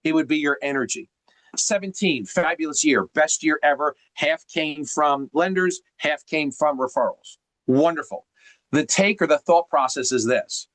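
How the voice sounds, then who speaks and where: A man's voice: fairly high pitch, moderate pace, fairly bright tone, no echo, low-quality recording. A man coaching on a group video call, teacherly and emphatic, firing off rhetorical questions. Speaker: sales coach.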